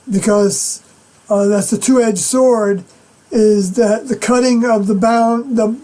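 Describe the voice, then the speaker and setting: A middle-aged woman giving an unscripted scripture commentary as a personal testimony, halting and often clearing her throat. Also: medium pitch, warm tone, low-quality recording.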